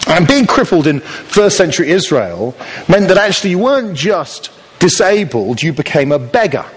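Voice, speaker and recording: A man preaches a sermon in a lively, swooping voice that sits a little high for a man. He tells the story with humour and acts out little voices along the way. A long reverb hangs behind him, as in a big hall. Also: moderate pace, slightly rough.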